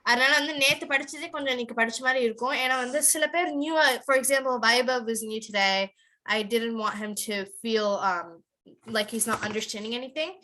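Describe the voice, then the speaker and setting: A woman's voice: fairly high pitch, steady tone, very fast, bright, forceful tone, a little hiss or hum. A young woman teaching an online class on a video call, switching between English and Tamil, with many fillers and restarts. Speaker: online tutor.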